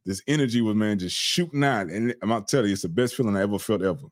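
A middle-aged man hosting a podcast, telling a personal story in an earnest, animated, slangy way. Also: lowish voice, quick pace, dry recording, clean studio sound. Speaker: podcast host. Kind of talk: casual storytelling chat.

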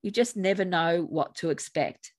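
A woman with an Australian accent co-hosting a grief podcast as a coach, speaking in a calm, measured way. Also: on the low side. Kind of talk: podcast conversation.

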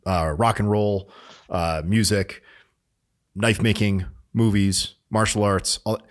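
A laid-back male podcast host chats with his guest, easygoing and conversational. His voice sits very low. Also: steady tone, slow pace. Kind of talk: casual chat.

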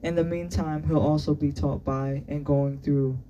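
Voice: mid-range voice, fairly even intonation, moderate pace, dark tone, lightly acted, poor audio. A reader voicing a stern older male teacher who gives formal, clipped commands in a book reading.

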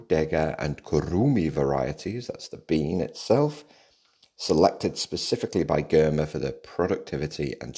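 A man's voice: rumbling low, a little mellow. A man hosting his own podcast at home, talking to listeners in a chatty, rambling way with joking asides. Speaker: podcast host. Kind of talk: casual solo podcast monologue. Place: home in Australia.

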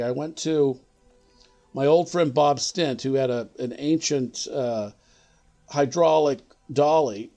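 A man's voice: mid-range voice, darkish tone. A middle-aged man, a line producer, telling an anecdote in an interview, rambling and restarting as he searches for words.

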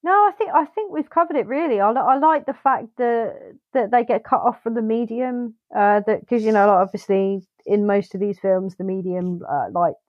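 A woman's voice: on the high side, normal speed, hardly any pauses. A woman talks through a film on a podcast in loose, casual chat, cursing freely and slipping into little acted-out quotes of her own reactions. Her voice comes through a dull, lo-fi line with a dry, close sound and no room echo. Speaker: podcast co-host.

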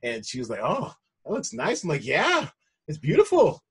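A man in casual conversation, talking in a relaxed way with frequent restarts. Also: on the high side, moderate pace, husky. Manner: relaxed, many fillers and restarts. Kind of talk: casual chat.

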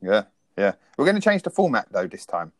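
A man's voice: lowish voice, brisk, no room sound, clean studio sound. A man co-hosting a podcast, chatting casually and poking fun at himself. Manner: lively, self-deprecating banter. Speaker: podcast co-host. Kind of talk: casual chat.

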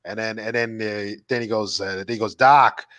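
A man's voice: lowish voice, a little fast, smooth, no echo. A man co-hosting a casual podcast, retelling comedy bits with lots of swearing and restarts. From Montreal, Canada. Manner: animated storyteller, swearing, many restarts. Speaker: podcast co-host.

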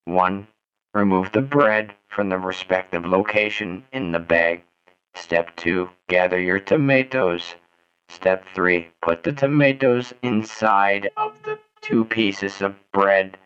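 A man voicing a deadpan male robot through a low voice-changer filter, reciting steps mechanically. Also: slow pace. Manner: deadpan, mechanical step-by-step delivery. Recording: dull lo-fi mic with faint hum.

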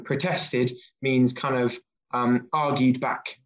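A male teacher leads a children's reading lesson over a video call and stops to explain words as he reads. He sounds encouraging. His voice has an average pitch, and the sound is dull and lo-fi. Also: normal speed. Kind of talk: online class read-aloud.

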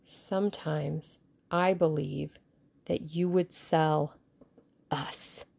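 A woman voicing an excitable, bitter male conspirator who snarls and frets. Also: fairly low pitch, moderate pace, vocal fry. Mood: sinister. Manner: agitated, snarling, pleading.

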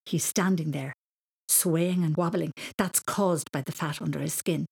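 A woman voicing an earnest, excitable young boy in a storybook reading, talking urgently and a bit bossily. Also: deep voice, measured pace, gravelly, breathy edge, heavily acted.

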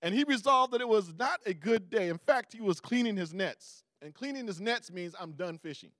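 Male preacher, very high voice, lively, dry close sound, storytelling sermon. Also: moderate pace, no echo. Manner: animated storytelling, acting out voices.

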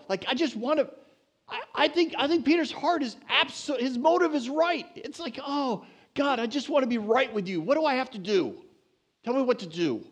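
A man preaching a sermon in a lively, conversational way, with playful asides and humor. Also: high voice. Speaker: pastor.

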